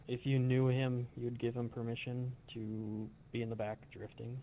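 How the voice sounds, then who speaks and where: A man's voice: mid-range voice, completely flat delivery, normal speed, highs cut off. A man playing a police officer in an online roleplay, answering in short, easygoing replies. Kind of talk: in-character roleplay chat.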